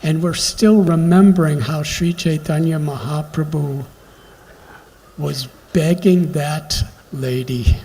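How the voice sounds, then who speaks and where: A man giving a devotional lecture, telling stories slowly and reflectively with emphatic pauses. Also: fairly high pitch, mellow. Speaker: spiritual lecturer. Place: temple hall during a pilgrimage. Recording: long hall reverb, faint background noise.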